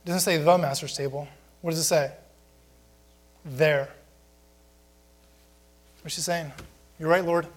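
A man preaching a sermon with a voice pitched a bit higher than most men. He speaks plainly and conversationally and keeps asking the congregation rhetorical questions. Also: steady tone, slow, long pauses. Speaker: pastor.

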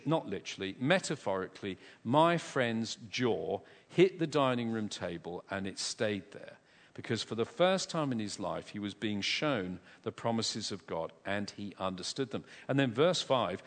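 A man preaching a sermon in a church, an animated and humorous storyteller who pokes fun at himself. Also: mid-range voice. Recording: long reverb of a large church.

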